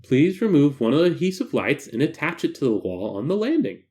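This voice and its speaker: A man voicing a calm, detached male doctor who gives formal, flat instructions. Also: a little high, brisk. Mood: clinical.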